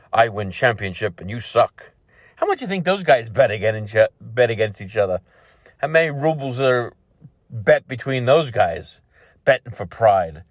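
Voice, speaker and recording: A man's voice: medium pitch, dry recording, studio quality. A man hosting an opinion show, ranting bluntly and sarcastically about a news story. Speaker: show host. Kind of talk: opinion commentary.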